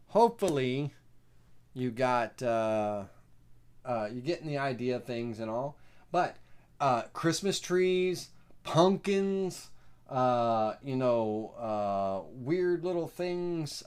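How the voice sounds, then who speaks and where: A man with a Southern US accent hosting a live software tutorial, rambling and folksy with lots of fillers. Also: mid-range voice, smooth. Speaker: host.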